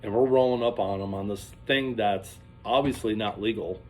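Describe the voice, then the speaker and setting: A man telling a rambling, animated story in casual vlog style, acting out what people said. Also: fairly low pitch, moderate pace, faint music behind. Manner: rambling, animated, acts out quotes.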